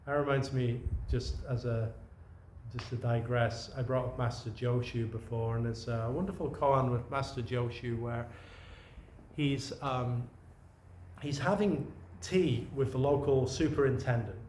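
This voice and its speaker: There's a roomy echo, faint ambience and a little background noise as a Zen teacher gives an informal dharma talk in a retreat room. His mid-range voice moves at a measured pace, meandering in a conversational way with many restarts and quiet asides.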